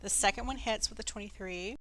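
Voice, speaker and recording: A woman's voice: medium pitch, brisk, a bit bright. A woman narrating as dungeon master in a chatty, playful way. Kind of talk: narrating a tabletop game.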